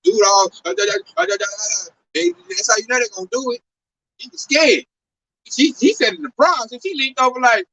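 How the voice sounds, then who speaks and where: A man preaching on a downtown street in an animated, slangy, exclamatory way. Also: very high voice, fairly quick, far from the mic, poor audio.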